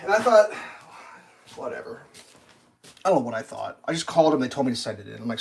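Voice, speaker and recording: A man's voice: mid-range voice, big pitch swings, quick pace, gravelly, pauses often, a little mellow, a little hiss or hum. A man livestreaming, telling a long exasperated story about customer service, swearing freely. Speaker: live streamer. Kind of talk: casual livestream rant.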